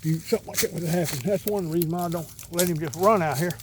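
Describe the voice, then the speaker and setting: A middle-aged vlogger talks to his dog as he walks outdoors by a rural pond, his folksy chatter wandering freely. He speaks fast in a fairly high voice, and a slight hiss or hum sits under the audio.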